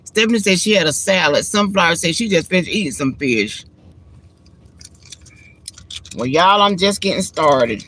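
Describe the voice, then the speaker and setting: On a handheld phone camera, a woman live streams casually from her car in a dry recording. Her medium-pitched, fairly bright voice has lively intonation and is a little slow, and she chats folksily, calling viewers girl and honey.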